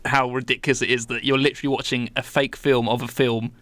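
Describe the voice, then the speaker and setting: A British man co-hosting a film podcast, agreeable and quick to laugh in casual chat. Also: medium pitch, level tone, fairly bright tone, dry recording. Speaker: podcast co-host.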